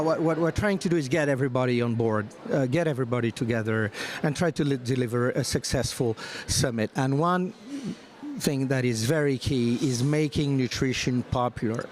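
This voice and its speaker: A man of middle pitch talking on a conference panel, weighing his words, often stopping to restart a phrase or fill a pause. A faint hiss of noise sits under his voice. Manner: thoughtful, halting, with many fillers and restarts. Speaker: panelist, special envoy. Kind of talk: panel discussion.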